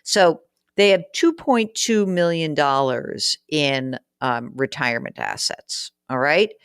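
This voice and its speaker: Frank, lively woman giving money advice. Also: low-pitched, takes it slowly, clean tone, dry recording, clean studio sound. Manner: frank, chatty, teasing. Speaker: personal finance podcast host. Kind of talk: casual advice talk, reading listener letters.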